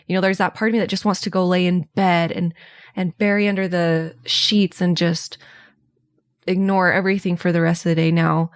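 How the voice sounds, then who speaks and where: A woman's voice: lowish voice, level tone, moderate pace, no room sound, clean studio sound. A woman hosting her own podcast, talking candidly and chattily about a grumpy morning, with the odd laugh. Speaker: podcast host. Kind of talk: casual solo podcast monologue.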